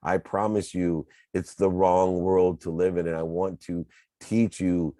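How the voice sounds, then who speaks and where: A worried older father speaks in a hushed, soft, low voice, as a man quotes him in a talk. The voice is mellow and dark, and the sound is dry and close. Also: little pitch movement, a little slow, dry recording. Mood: gentle.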